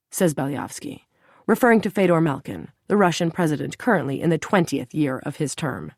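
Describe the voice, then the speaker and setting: A woman narrating an audiobook in a steady, even storytelling manner. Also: deep voice, a little fast, vocal fry, no echo, studio quality.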